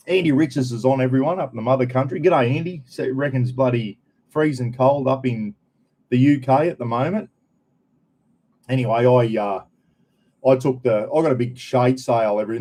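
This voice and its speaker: A relaxed Aussie man from North Queensland with a mellow, darkish voice, yarning away to his live viewers from home. His talk rambles along in broad colloquial slang, easygoing and unhurried. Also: medium pitch. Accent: North Queensland Australian. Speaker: vlogger. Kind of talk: casual chat to live viewers. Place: home, indoors.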